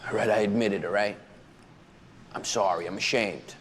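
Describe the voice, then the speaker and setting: A man's voice: lowish voice, steady tone, moderate pace, a crowd in the background, pitched below the performer's own voice, close to an everyday voice. A man voicing a Boston man who confesses to rooting for the Yankees, in a put-on Boston accent, from a comedy sketch clip. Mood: pleading.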